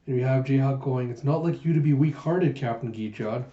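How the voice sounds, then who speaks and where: A man doing an animated manga readthrough, narrating the panels and reading the characters' lines aloud with playful voices. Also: mid-range voice, brisk. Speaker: manga reviewer. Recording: muffled lo-fi echoey room.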